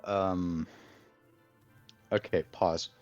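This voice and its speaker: A man's voice: low voice, fairly even intonation, extremely slow, faint music behind. A man playing a tabletop game, hesitant and thinking aloud as he decides what to do. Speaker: player. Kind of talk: casual tabletop game play. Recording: dull lo-fi sound.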